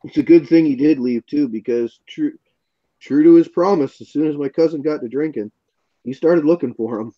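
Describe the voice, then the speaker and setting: Casual male storyteller, chuckling, animated, on a muffled lo-fi recording. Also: fairly high pitch, normal speed. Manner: animated anecdote teller, chuckling. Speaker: podcast host. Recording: dull lo-fi audio.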